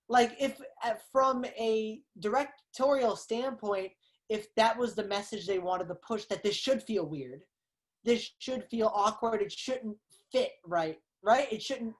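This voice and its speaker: Animated woman guest dissecting a film. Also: a little high. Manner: animated, analytical, acts out reactions. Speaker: podcast guest. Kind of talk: casual movie review chat.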